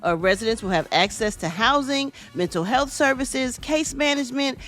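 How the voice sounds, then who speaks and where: A woman's voice: high voice, animated, normal speed, a bit bright. A middle-aged woman hosting a casual radio entertainment news segment, chatty and sassy, calling listeners y'all and honey.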